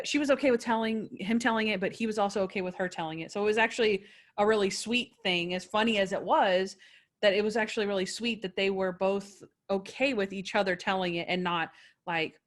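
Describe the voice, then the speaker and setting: A woman's voice: mid-range voice, fairly quick. A woman hosting a podcast, chatting enthusiastically and acting out quoted lines. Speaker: podcast host. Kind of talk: casual podcast chat.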